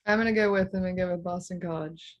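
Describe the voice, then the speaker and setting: A woman's voice: lowish voice, steady tone, quick pace, muffled recording. A young woman giving brief, hesitant picks in a casual chat. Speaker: guest picker.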